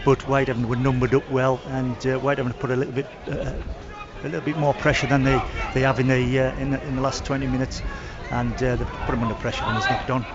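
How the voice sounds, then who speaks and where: Rugby pundit guy on radio, lots of uh and restarts, crowd loud behind, muffled audio. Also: mid-range voice, little pitch movement. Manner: halting, many fillers and restarts. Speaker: expert co-commentator. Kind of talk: radio match analysis. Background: stadium crowd.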